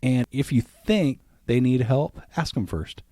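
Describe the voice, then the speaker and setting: A man's voice: mid-range voice, a little slow, warm tone, dry recording. A man hosting a podcast in casual chat, swearing freely and rambling through asides. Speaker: podcast host.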